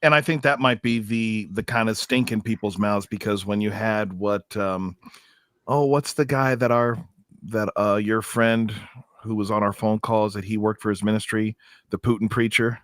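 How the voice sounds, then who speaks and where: A man's voice: fairly low pitch, moderate pace, fairly bright tone, no room sound, clean studio sound. A man chatting playfully on a Christian livestream panel, joking and often trailing off mid-thought. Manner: jokey, playful, trails off and restarts. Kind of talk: casual chat.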